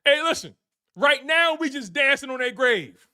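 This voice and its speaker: A high, bouncing man's voice with a Philadelphia accent rides the celebration after a win, hyped and slangy and quick to laugh. He circles back on his own phrases and talks straight to his live audience as the show's host. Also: expressive, pushed and bright. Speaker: sports show host. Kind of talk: excited live post-game rant.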